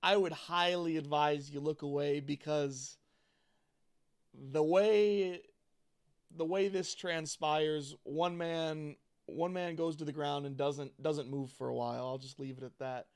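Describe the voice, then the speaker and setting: An upbeat male podcast co-host with a somewhat high voice. He talks casually, laughs often and builds excitement around what he describes. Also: a little slow, clean tone. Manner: upbeat, laughing, hypes things up. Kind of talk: casual sports chat.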